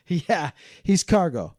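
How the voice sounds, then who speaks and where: A man's voice: high-pitched, sing-song, drawn-out words, darkish tone, no room sound, studio quality. A man guesting on a podcast, eagerly talking through a film and acting out scenes as he goes. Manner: enthusiastic, acts out film scenes. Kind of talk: casual film discussion.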